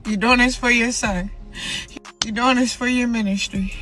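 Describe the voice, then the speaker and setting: A woman's voice: fairly high pitch, fairly even intonation, moderate pace, over music, rough recording. A young woman recording herself while crying, talking to herself in a rambling pep talk. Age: young adult. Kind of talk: self-recorded emotional vlog.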